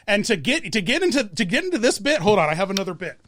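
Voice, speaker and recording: High, lively-voiced enthusiastic male host. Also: fast, no room sound, clean studio sound. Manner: enthusiastic, reacts with "wow" and laughs. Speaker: podcast host. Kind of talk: casual podcast interview.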